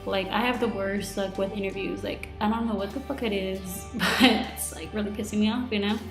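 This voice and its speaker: A woman's voice: mid-range voice, fairly even intonation, a little fast, vocal fry, reverberant, over music. A woman in her twenties telling her day in a casual video diary, chatty and full of "like", acting out what people said to her. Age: 20s. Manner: chatty, lots of "like", retells with quoted reactions. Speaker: vlogger.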